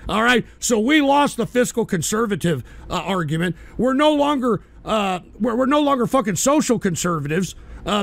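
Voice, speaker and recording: There's no room sound around this man's high, gravelly, fairly bright voice. He's a show host who reads chat and rages about politics, swearing heatedly, restarting clumsily, and shouting now and then.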